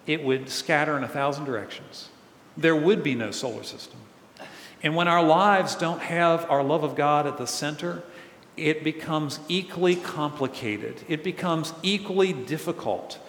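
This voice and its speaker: A man's voice: a little high, moderate pace, a bit bright, slight background noise. A male pastor preaching a sermon in a conversational, earnest way, asking his congregation questions. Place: large church hall. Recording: echoey hall with long reverb.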